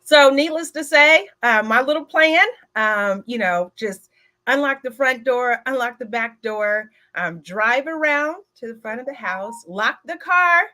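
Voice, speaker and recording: Bright-voiced woman telling a story. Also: fairly high pitch, unhurried. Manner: animated storyteller who speaks straight to the audience; frequent filler words. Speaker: speaker at a women's retreat. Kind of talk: personal storytelling talk.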